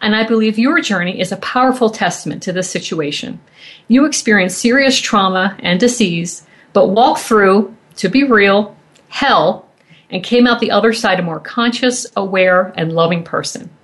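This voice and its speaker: A woman radio show host in a measured, admiring tone, reading a prepared introduction for her guest. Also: medium pitch. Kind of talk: scripted interview introduction.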